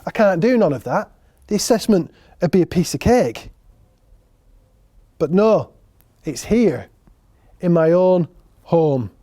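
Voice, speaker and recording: A man's voice: a little high, mellow. Wry man in a solo monologue. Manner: wry, sardonic, addresses audience directly. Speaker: writer and performer.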